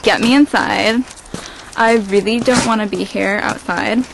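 A woman's voice: mid-range voice, fairly even intonation, a little slow, vocal fry, background noise. A woman voicing a bossy grumpy pet dog. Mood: demanding. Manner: bossy, complaining. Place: outdoors in a snowy backyard.

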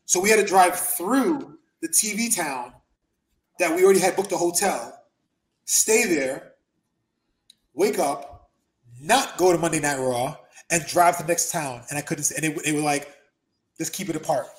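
A man in his thirties, a former pro wrestler, telling profane, lively stories as an interview guest. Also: a little high, moderate pace. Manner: animated storyteller, profane, acts out quotes. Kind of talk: casual storytelling interview.

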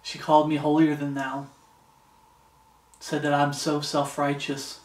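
A man's voice: a little high, completely flat delivery, measured pace. A man preaching an informal sermon, earnest and conversational, repeating phrases for emphasis and reading scripture aloud. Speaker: pastor. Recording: echoey room, distant mic.

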